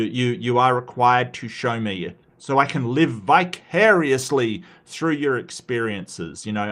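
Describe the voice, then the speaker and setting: A man's voice: medium pitch, fairly bright tone. An Australian man hosts his own livestream in a loose, casual way. He talks with heated conviction and often trips over his words, restarting and repeating himself as he pushes his point. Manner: impassioned, repetitive restarts. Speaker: livestream host.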